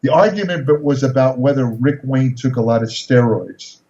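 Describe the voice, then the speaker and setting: A man's voice: mid-range voice, normal speed. Older man telling an anecdote, echoey. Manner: animated, repeats words and restarts often. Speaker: guest storyteller. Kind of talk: casual interview anecdote. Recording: echoey, slightly dull recording.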